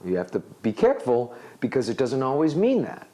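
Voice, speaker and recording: A man's voice: medium pitch, brisk, hardly any pauses, dull audio. A man presenting a video lesson that explains an English phrase. He talks with plenty of energy and acts out his examples. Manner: animated, acts out example dialogues. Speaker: English teacher.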